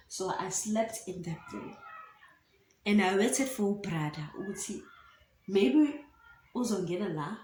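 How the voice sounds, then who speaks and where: Unhurried South African woman telling a story. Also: medium pitch. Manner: animated storytelling, mixing in isiZulu words. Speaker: vlogger. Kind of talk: storytime vlog. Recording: roomy room with faint ambient noise.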